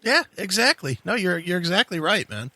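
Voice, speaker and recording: A man's voice: sits high, very animated, normal speed, pushed and bright, no room sound. A man hosting a radio show interview, talking in an effusive, admiring way.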